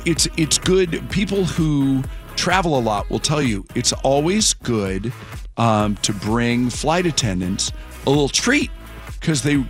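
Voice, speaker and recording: A man hosting a morning radio show, chatting casually and rambling with fillers and restarts. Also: on the high side. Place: radio studio.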